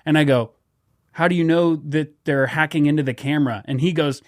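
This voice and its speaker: A man co-hosting a podcast, reading ads and telling lively stories while acting out what people said. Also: a little high, brisk. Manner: animated storyteller, acts out quotes. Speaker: podcast co-host. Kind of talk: casual podcast chat and ad read.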